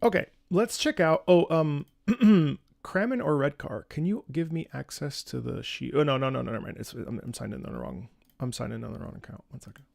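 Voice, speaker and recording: A man's voice: medium pitch, expressive, brisk, gravelly, darkish tone, no echo. A man chatting casually on a music livestream, earnest and rambling, often repeating words and restarting, with the odd swear. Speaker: streamer reacting to music.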